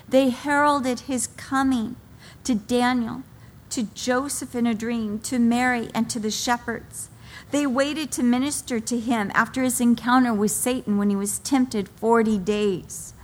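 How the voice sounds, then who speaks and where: Middle-aged woman preaching with heartfelt emphasis. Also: mid-range voice. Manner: heartfelt, emotional storytelling about her children; slow, deliberate emphasis on key phrases. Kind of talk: sermon.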